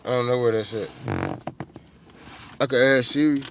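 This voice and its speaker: A man's voice: medium pitch, steady tone, normal speed, long pauses. A middle-aged man, chatting casually and profanely with viewers on a livestream, rambling from one thought to the next. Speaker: livestream host.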